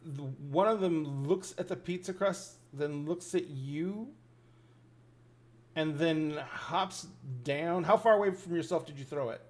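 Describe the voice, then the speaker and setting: A man's voice: on the high side, a little slow, a little mellow. A man narrating as game master of a tabletop role-playing game, loose and full of fillers.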